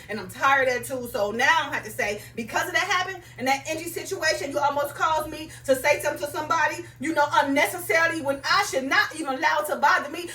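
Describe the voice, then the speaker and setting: A woman's voice: high voice, fairly bright tone. A woman giving a conversational spiritual talk to her viewers, checking in with "right?" and "you understand?" as she goes. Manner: reads scripture aloud in King James wording. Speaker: faith vlogger. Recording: echoey room, voice a bit far from mic.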